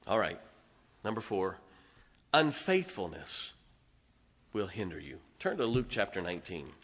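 A middle-aged man preaching a sermon as pastor, telling humorous personal stories in a folksy way and swinging between quiet asides and loud emphatic lines. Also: fairly low pitch, sing-song, measured pace, long pauses, slightly rough.

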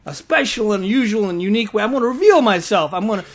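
A preacher puts on the voice of God: a calm, kindly male voice that speaks in steady, repeated thanks. It sits fairly high and is told as part of a church story. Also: quick pace. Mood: promising. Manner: calm, grateful, repetitive.

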